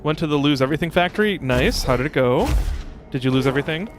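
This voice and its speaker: Young guy streaming games, kinda high voice, hyped, chill music playing under him. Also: quick pace. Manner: excitable, shouts exclamations, chats to viewers. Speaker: game streamer. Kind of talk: casual gameplay streaming with chat. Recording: game music playing behind.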